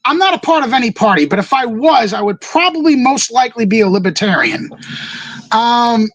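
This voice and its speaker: A man's voice: very high voice, very animated, a little fast, fairly bright tone, dry recording, poor audio. A man in casual podcast chat, giving blunt, emphatic opinions with plenty of profanity.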